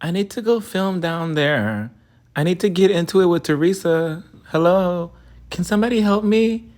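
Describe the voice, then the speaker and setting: A woman's voice: lowish voice, animated, moderate pace, darkish tone, natural voice. A woman voicing a panicky woman stuck up in a tree, calling out and pleading for help. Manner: pleading, jumpy.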